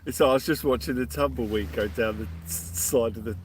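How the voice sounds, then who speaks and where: A man hosting a casual live stream from a beach at night, giving cheery shout-outs and telling jokey stories. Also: medium pitch, fairly quick, a little hiss or hum. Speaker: livestream host.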